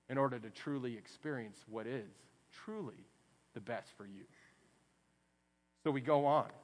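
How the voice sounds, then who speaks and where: Dynamic Texan preacher in a reverberant hall. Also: male voice, mid-range voice. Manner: dynamic preaching, swings from hushed to loud. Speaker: pastor. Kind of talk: sermon. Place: church sanctuary.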